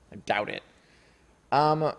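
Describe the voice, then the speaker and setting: A man's voice: medium pitch, extremely slow. A man co-hosting a casual podcast about a book, chatty, laughing often and reading passages aloud. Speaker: podcast co-host.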